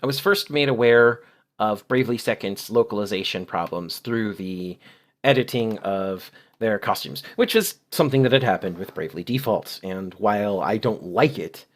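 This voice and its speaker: A man's voice: lowish voice, expressive, moderate pace. A man hosting a channel, giving critical video commentary in an exasperated, sarcastic way and explaining translations in detail. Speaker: channel host.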